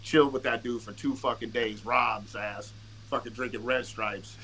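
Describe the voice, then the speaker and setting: This man, a rapper guesting on a podcast, delivers long, profane anecdotes full of quoted dialogue, restarts, and fillers in a casual storytelling mode. His mid-range voice sounds pushed and bright, with a steady tone at normal speed. Poor audio carries a little hiss or hum.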